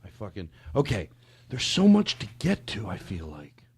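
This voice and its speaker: A middle-aged man hosting a casual comedy podcast, telling stories in an animated way. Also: fairly low pitch, normal speed, husky. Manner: animated storyteller, bossy about bits. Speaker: podcast host.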